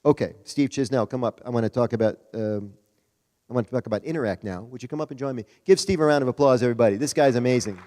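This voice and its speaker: Man, mid-pitched, folksy and jokey conference speaker, long hall reverb. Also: fast talker, dark tone, some chatter behind. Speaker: Rotary district leader giving a talk. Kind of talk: conference speech.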